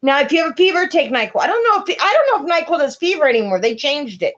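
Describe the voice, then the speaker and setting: High-voiced teasing woman on a stream. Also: big pitch swings, fast, fairly bright tone, dull audio. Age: 50s. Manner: teasing, bossy, laughs a lot. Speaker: live stream host. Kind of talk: casual live stream chat.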